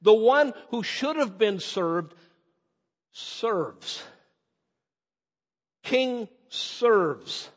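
A man preaching in a high, lively voice, slowing down to stress key phrases and then rushing through quick asides. His voice is a bit husky, and the muffled recording rings with the long reverb of a large hall. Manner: animated, shifts to emphatic slow phrases and quick asides. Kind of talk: sermon.

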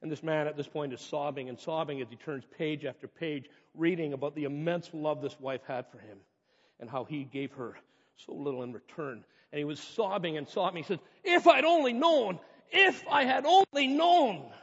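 A man's voice: on the high side, fairly quick, a little mellow, breathy edge. A man preaching a sermon as pastor, earnest and conversational, rising to impassioned peaks, recorded in a church. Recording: reverberant hall, dull muffled sound.

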